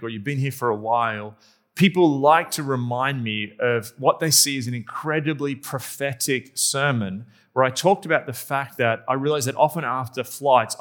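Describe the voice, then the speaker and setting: A man preaching to his congregation, his voice sitting at an ordinary middle pitch. He moves through the message as a running anecdote, wry and self-mocking, with comic timing in the details. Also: fairly bright tone. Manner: humorous anecdotal storytelling; self-deprecating. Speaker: pastor. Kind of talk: sermon.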